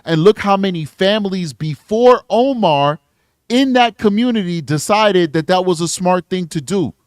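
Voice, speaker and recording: Earnest high-voiced man hosting a livestream. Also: no room sound, studio quality. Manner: earnest, blunt, heartfelt. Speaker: true crime livestream host; detective. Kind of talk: emotional livestream commentary.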